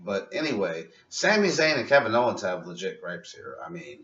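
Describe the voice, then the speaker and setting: A man's voice: lowish voice, very animated, normal speed, a bit bright. A man giving a casual, opinionated vlog review of a wrestling show, ranting and critical. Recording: dull lo-fi sound in a roomy space from a distant mic.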